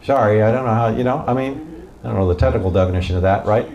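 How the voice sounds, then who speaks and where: Speaking quickly in a lowish voice captured with lo-fi sound, a man pastors a Bible study in a relaxed, jokey way. He keeps things animated by putting questions to the group and acting out voices and parts of the story.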